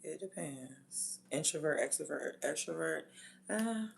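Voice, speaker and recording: Gravelly, blunt DC-woman streamer. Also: deep voice, lively intonation, a little slow, a little hiss or hum. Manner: blunt, profane, drops from loud to near-whispered asides. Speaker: livestreamer. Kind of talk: casual livestream chat.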